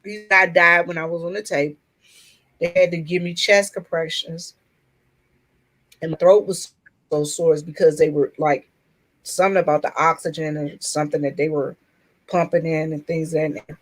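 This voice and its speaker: A woman in a casual group chat telling a personal story in an earnest, open way, pausing and restarting as she goes. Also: sits low, fairly even intonation, rough recording. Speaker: chat room participant.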